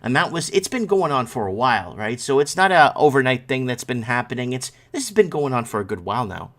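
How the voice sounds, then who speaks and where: A man's voice: mid-range voice, sing-song, a little fast, a bit bright. A man hosting a casual live stream, rambling over news stories and reading chat comments, sleepy and yawning. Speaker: host.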